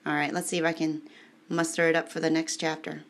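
A woman's voice: low voice, little pitch movement, quick pace. A woman casually reading aloud at home and adding her own rambling, heartfelt, emotional commentary. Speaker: reader giving commentary.

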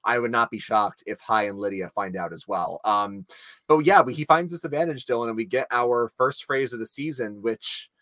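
A man chats through a casual recap with an amused tone, tossing in quick asides. His voice is bright and a little tense. The recording is close and dry. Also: medium pitch, animated, no room sound. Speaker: podcast co-host.

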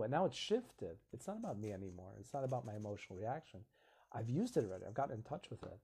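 A man's voice: fairly low pitch, very animated, quick pace, mellow, slightly rough. A man hosting a live video stream, talking casually and earnestly, reflecting aloud and acting out little dialogues.

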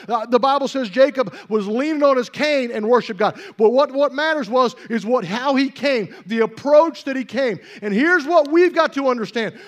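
A man with a strikingly high voice delivers a sermon from the pulpit. He preaches emphatically, circling back over his phrases and building his volume until he is nearly shouting. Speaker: pastor.

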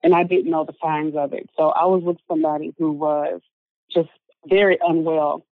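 A woman's voice: deep voice, flat delivery, normal speed, dry recording. Earnest woman on a tinny line. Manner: earnest, frequent filler words. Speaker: interview guest. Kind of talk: personal story told in conversation. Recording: narrow phone-like sound, dry.

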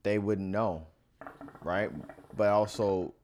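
An American man co-hosting a podcast, telling a story in a laid-back, frank, animated way and acting out the people in it. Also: on the low side, slow, slight background noise. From United States. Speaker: podcast co-host. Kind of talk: casual chat, storytelling.

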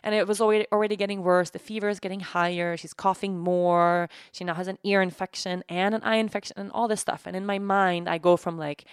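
A woman in her thirties hosting a podcast, talking candidly and emotionally in a halting way, tired from sleepless nights. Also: lowish voice, steady tone, clear, resonant tone, no room sound, studio quality. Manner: halting, emotional, many restarts and "like". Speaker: podcast host. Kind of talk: candid personal monologue.

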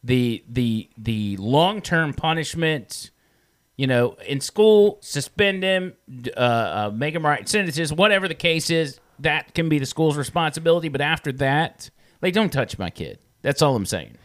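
A man's voice: a little high, animated, measured pace, fairly bright tone. A man hosting a casual talk show, chatting loosely with a guest and reacting to a clip. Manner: conversational, loose, with restarts and fillers. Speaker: host. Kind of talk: casual chat.

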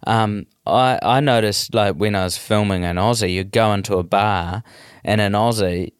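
A middle-aged man with a New Zealand accent, a comedian chatting in an interview in a rambling, animated way with many restarts. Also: on the low side, normal speed, few pauses, clean tone, no room sound, studio quality. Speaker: comedian, guest. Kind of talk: casual interview chat.

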